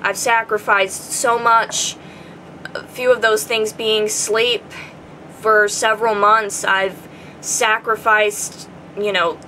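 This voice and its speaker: A young woman talks to her camera in an earnest, emotional way, her voice growing quieter as she nears tears. Her tone is bright and forward, and a faint hum of noise sits behind her. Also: mid-range voice, low-quality recording. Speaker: vlogger answering viewer questions. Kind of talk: personal vlog.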